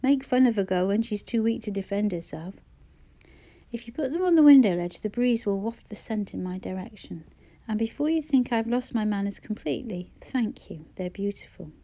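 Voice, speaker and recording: A woman's voice: mid-range voice, animated, moderate pace, mellow, natural voice. A woman reading the part of a wry, self-mocking woman ill with flu, with dry humour.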